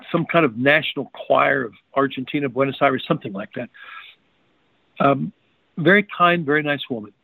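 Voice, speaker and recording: A man's voice: on the high side, no echo. Emphatic man on a tinny phone line. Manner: emphatic, repeats words in quick restarts. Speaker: guest researcher. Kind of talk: interview storytelling.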